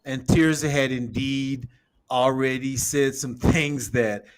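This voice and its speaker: A man's voice: medium pitch, fairly even intonation, takes it slowly, clear, resonant tone. A man hosting a casual livestream, rambling while showing a map and talking to viewers as everybody. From United States. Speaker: show host.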